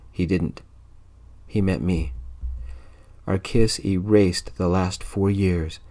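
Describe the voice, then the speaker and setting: A man narrating a first-person story in a soft, slow, intimate ASMR manner. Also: sits low.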